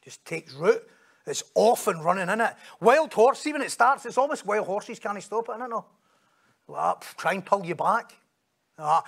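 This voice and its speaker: High gravelly Scottish preacher. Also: male voice, animated, moderate pace, fairly bright tone. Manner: storytelling, joking, acts out quoted voices. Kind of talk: sermon.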